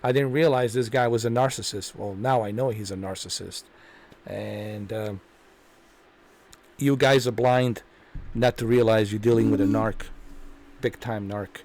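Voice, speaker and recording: A man's voice: lowish voice, steady tone, a little slow, long pauses, a little mellow. A man hosting a commentary video, ranting in an indignant, repetitive way and hammering the same points. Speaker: commentary channel host.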